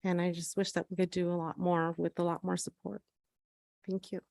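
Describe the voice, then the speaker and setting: A woman, a shelter program manager, giving an earnest, emotional public comment at a city council meeting, halting often with fillers. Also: fairly low pitch, little pitch movement, gravelly, a little mellow.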